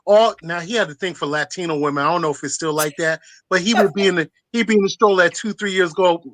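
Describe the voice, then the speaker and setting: A man's voice: high-pitched, fairly bright tone. A man chatting casually about his son, laughing often between his lines. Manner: laughs often, quick asides. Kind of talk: casual chat.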